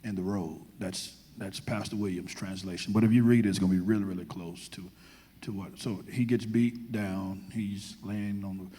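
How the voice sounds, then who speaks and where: A man, a pastor, speaking on a church panel, retelling scripture in lively everyday slang. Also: lowish voice, normal speed, slightly rough, big-room sound. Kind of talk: panel discussion.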